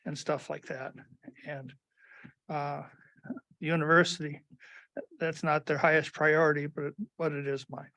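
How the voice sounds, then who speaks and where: A man serving as county supervisor, speaking haltingly at a meeting, with many restarts. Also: on the high side, flat delivery, sharp tone, poor audio. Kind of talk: meeting remarks.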